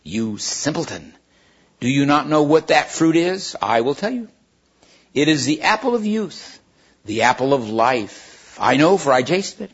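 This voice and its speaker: A man reading a storybook aloud, voicing a proud female witch who coaxes and tempts in a husky voice. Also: on the high side, very animated, a little slow, heavily acted. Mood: coaxing. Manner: coaxing, wheedling persuasion. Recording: dull lo-fi recording.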